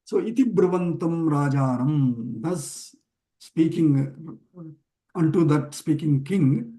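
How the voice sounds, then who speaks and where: A man teaching a weekly online class over a video call, explaining a chanted text slowly and word by word, with many pauses and fillers. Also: fairly high pitch, warm tone. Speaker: teacher of scripture.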